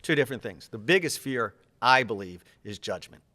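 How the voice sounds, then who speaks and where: A public speaking coach answers interview questions with energy, talking fast and gesturing as he goes. His voice sits at a medium pitch.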